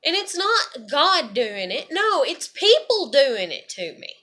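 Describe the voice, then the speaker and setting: A woman's voice: high-pitched, very animated, takes it slowly, hardly any pauses, sharp tone. A woman, venting bluntly in a raw, profane, heartfelt monologue. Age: 30s. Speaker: vlogger.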